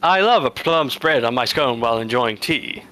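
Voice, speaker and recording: A man doing Major Zero, calm British commander. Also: medium pitch, soft background music. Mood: calm briefing. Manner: measured, briefing tone. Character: calm male military commander over radio. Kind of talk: joking impression on a podcast.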